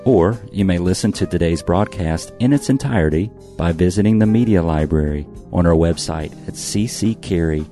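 A male announcer reading a calm, scripted radio ministry outro. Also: sits low, moderate pace, hardly any pauses. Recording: faint guitar music underneath. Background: soft guitar music.

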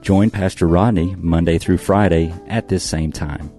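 A male announcer reading a calm, scripted radio ministry outro. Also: deep voice, unhurried. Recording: faint guitar music underneath. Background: soft guitar music.

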